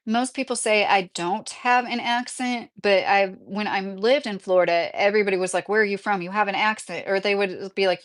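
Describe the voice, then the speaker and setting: Chatty woman with a slight Midwestern accent. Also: mid-range voice. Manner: chatty, rambling, laughs often. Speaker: streamer answering viewer questions. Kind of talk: casual livestream chat.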